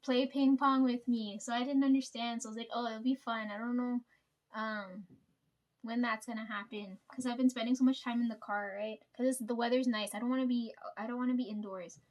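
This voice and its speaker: A woman's voice: on the high side, steady tone, fairly quick, darkish tone. Chatty, foul-mouthed woman telling stories. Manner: chatty, swears a lot, frequent fillers and laughs. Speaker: vlogger telling work stories. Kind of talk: casual storytime chat.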